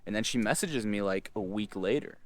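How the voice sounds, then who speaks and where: A young man telling a personal story casually, full of filler words and slang, swinging between low mumbled asides and loud excited outbursts. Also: brisk, no room sound. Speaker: host.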